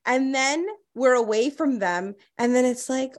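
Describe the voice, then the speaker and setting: A woman in her forties hosts a casual parenting talk, jumping in to agree and asking playful questions. Her voice sits high for a woman. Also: measured pace, few pauses. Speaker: host. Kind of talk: casual chat.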